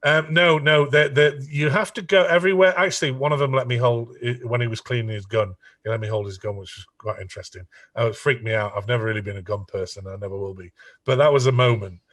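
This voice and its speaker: A middle-aged songwriter telling an animated story, often stumbling over and repeating his words. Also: mid-range voice, quick pace, distant mic. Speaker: songwriter guest.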